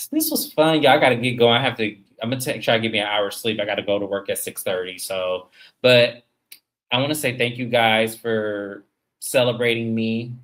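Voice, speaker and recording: A man in his thirties hosting a casual livestream, talking straight to viewers in an animated, emphatic way. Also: medium pitch, normal speed. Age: 30s. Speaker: livestream host.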